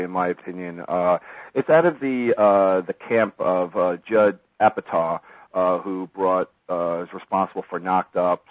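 A man talking casually on a radio show, rambling with many fillers and animated retellings. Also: deep voice, no room sound, lo-fi sound. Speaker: guest film commentator.

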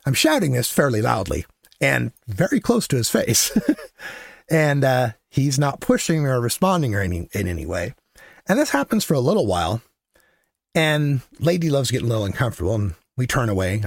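A man hosting his own show, telling a story in a casual monologue. He is blunt and profane, gets louder and higher as he gets worked up, and laughs between lines. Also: fairly quick, vocal fry, breathy edge, dry recording, clean studio sound. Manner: animated, rising to near-shouting when worked up, laughs between lines. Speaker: podcast host.

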